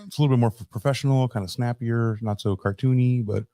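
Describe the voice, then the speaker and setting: A man's voice: medium pitch, fairly even intonation, fast talker, dark tone, dry recording. A man co-hosting a casual podcast, joking and swearing, now and then slipping into silly voices. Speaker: podcast co-host. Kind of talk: casual chat.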